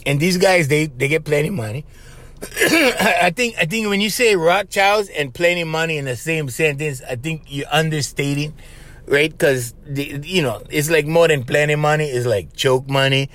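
A man hosting his own podcast in an animated, conspiratorial monologue. He keeps tossing in "bro" and "right?" as he talks. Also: fairly high pitch. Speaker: podcast host. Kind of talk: casual rambling monologue.

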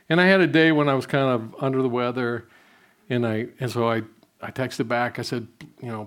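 An older man preaches in an easy, conversational way. He tells his stories directly to the congregation. His voice falls soft and low whenever he quotes his own prayers. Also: normal speed. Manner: conversational storytelling, drops softly when quoting prayers. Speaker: pastor. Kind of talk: sermon.

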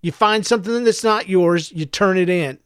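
A firm, clipped mother, tired and stern, scolding her son in an audiobook, as a man puts her on. The voice sits fairly high and the recording is dry and close. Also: moderate pace, clean tone, no echo, close to an everyday voice. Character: stern tired mother, middle-aged woman. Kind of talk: audiobook character voice.

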